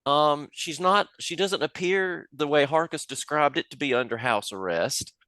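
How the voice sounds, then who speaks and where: A man's voice: fairly high pitch, moderate pace, bright, forceful tone, no room sound. A man playing a tabletop game, speaking in a hesitant, stammering way. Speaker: player.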